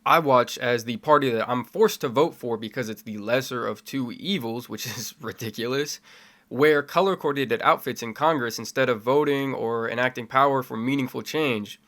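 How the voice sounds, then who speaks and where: A young man with a middle-pitched voice speaks straight to his camera in a self-made video essay. His delivery starts measured and builds into fiery, impassioned conviction. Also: fairly bright tone. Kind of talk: spoken opinion essay to camera.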